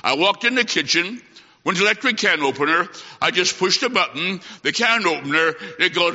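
A bright, fairly high-voiced middle-aged man preaching a revival-style sermon with a folksy, homespun manner. His voice rings out through a large hall with a long reverb, and the old recording sounds dull and lo-fi. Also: expressive, brisk. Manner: folksy, addresses listener as my friend, homespun illustrations. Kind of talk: evangelistic sermon.

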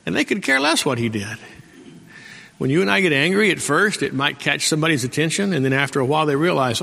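A man's voice: on the high side, expressive, quick pace, creaky, pushed and bright. A middle-aged male pastor preaching a folksy sermon and calling out for amens from the congregation. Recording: long hall reverb.

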